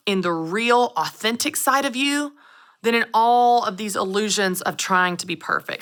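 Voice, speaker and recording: Lady in her 30s hosting a podcast, bright voice, animated storyteller. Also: on the high side. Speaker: show host. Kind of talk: upbeat solo podcast talk.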